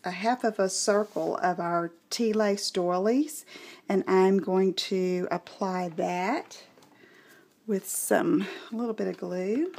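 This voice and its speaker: A woman's voice: medium pitch, vocal fry, a little mellow, slight background noise. A woman from Southeast Texas with a Southern accent, chatting casually through a card-making tutorial and thinking aloud as she works. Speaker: craft tutorial host. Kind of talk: casual craft demonstration.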